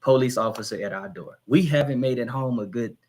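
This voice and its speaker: A man, a pastor, hosting a live church discussion and telling a story in a lively, animated way. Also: medium pitch, a little fast. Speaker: pastor and host.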